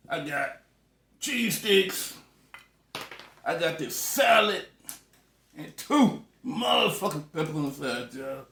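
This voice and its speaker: A man's voice: fairly high pitch, a bit bright, roomy sound. A man eating on camera in a casual vlog, talking loosely with lots of cussing and joking between bites. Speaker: food vlogger.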